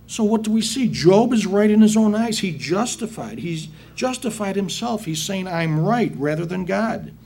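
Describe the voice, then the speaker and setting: Lively preacher man expounding scripture. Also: sits high, moderate pace, hardly any pauses, breathy edge. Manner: reads verses then paraphrases in plain talk, addresses congregation as brethren. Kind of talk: sermon, Bible exposition.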